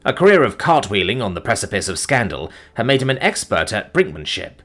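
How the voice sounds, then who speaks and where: A man narrating a science-fiction story in an expressive storytelling manner. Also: on the low side, a little fast. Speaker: audiobook narrator.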